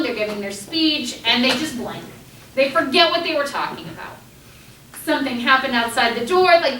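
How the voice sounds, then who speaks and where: Animated high-voiced teacher lecturing class. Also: female voice, slight background noise. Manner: lively, animated, acts out students' panicked voices. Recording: echoey classroom, mic at a distance.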